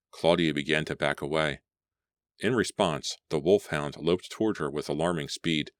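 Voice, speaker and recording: Very deep-voiced man narrating horror. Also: clear, resonant tone, no room sound, clean studio sound. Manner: slow, suspenseful reading. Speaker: audiobook narrator.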